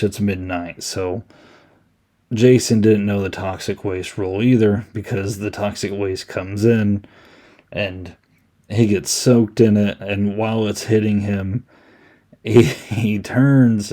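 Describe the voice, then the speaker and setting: A man's voice: fairly low pitch, dark tone. A man hosting a podcast, talking through a movie review in a rambling, amused way with lots of "um"s. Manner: rambling, amused, many ums. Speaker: podcast host. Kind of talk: casual solo movie review.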